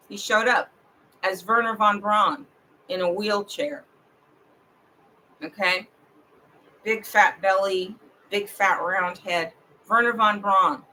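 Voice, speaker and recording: A woman talks at home in a slow, drawn-out livestream monologue that drifts from one thought to the next. Her voice is bright and forward, and the pitch sits in a middle range. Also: a little hiss or hum, low-quality recording. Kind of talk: rambling personal livestream monologue.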